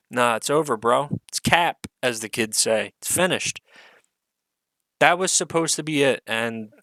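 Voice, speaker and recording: A man's voice: on the high side, a bit bright, clean tone, no room sound, poor audio. A man giving an unscripted solo rant as an online commentator, profane, exasperated and sarcastic, swearing often amid fillers.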